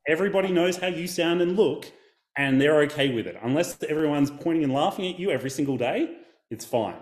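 A man talking as a guest in a casual podcast interview, animated and storytelling. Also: a little high, fast, echoey room. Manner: animated, storytelling, acts out quotes. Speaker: guest, video coach.

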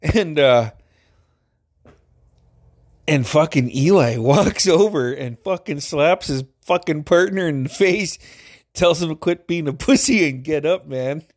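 Animated and a little slow, a man from Alaska with a slightly high voice spins humorous stories in a relaxed way, cursing nonstop and laughing frequently as the storyteller.

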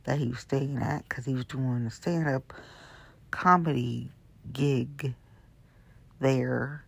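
A show host chatting casually and at length about the news, rambling and often dropping into hushed asides. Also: mid-range voice, fairly even intonation, takes it slowly, creaky, breathy edge. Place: Hamilton County area.

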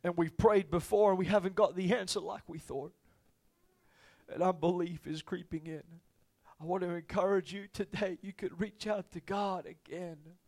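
A man preaching a sermon, impassioned, swinging between hushed reflection and loud, fervent appeals. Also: high voice, steady tone, normal speed, gravelly.

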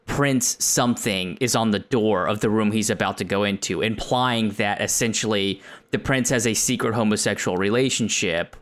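A man talking casually about a film on a podcast, rambling with lots of fillers and getting animated when excited. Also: lowish voice, moderate pace, hardly any pauses. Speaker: podcast co-host.

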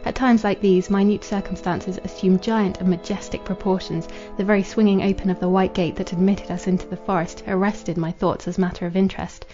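A woman reading a classic novel aloud as a podcast narrator, in a measured, formal manner. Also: mid-range voice, flat delivery. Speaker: audiobook narrator. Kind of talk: scripted literary narration. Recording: dull lo-fi with faint music.

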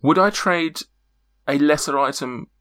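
A man voicing a calm, polite male magic-item shopkeeper who haggles in formal, measured speech. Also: fairly high pitch, voice pushed up. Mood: haggling.

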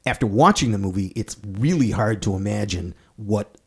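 A man's voice: on the low side, expressive, moderate pace, breathy edge. A man co-hosting a podcast, talking casually about a film and rambling through restarts and fillers. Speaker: podcast co-host.

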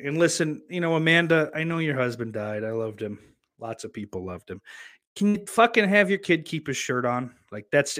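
A young man talking into a close desk mic during a live stream, blunt and profane. He rambles, restarts his sentences and laughs at his own jokes, at an ordinary middle pitch. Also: a bit bright, no room sound. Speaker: streamer reading chat. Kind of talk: casual profane live-stream chat about wrestling.

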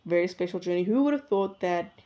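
A young woman talks alone on her podcast, rambling and reflective, stopping often to correct her own words. Her voice sits low and mellow. The recording is a little muffled and lo-fi. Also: expressive, a little fast. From South Africa. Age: young adult. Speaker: podcast host. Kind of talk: casual solo podcast monologue. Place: indoors at her usual recording spot.

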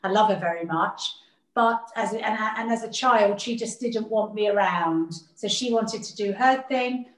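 A woman's voice: mid-range voice, normal speed. A woman speaking earnestly as an interview guest, reflecting on her family and often repeating words as she gathers her thoughts. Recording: roomy echo.

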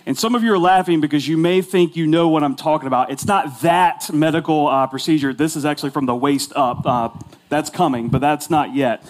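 A man's voice: on the high side, a little fast. Chatty, self-mocking man in his forties. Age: 40s. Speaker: pastor. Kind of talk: humorous storytelling sermon.

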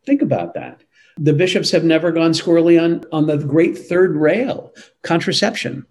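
A man's voice: fairly high pitch, lively intonation, normal speed, a little mellow, low-quality recording. A man giving long, earnest answers in an interview, emphatic and often restarting his sentences. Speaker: interview guest, Catholic advocacy leader.

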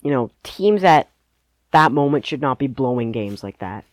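A man's voice: mid-range voice, expressive, moderate pace, no echo. A man co-hosting a podcast, chatting casually about sports and hedging his picks with lots of "like"s. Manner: rambling, hedging, many "like"s. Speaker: podcast co-host.

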